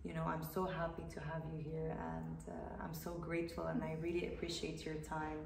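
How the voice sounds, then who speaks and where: A woman hosts a relaxed interview in a low-pitched voice, summing up advice and thanking her guest at length. She sits a distance from the mic in an echoey room at home. Faint noise runs underneath. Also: a little fast, creaky. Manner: warm, effusive thanks and recaps. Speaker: host. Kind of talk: casual interview.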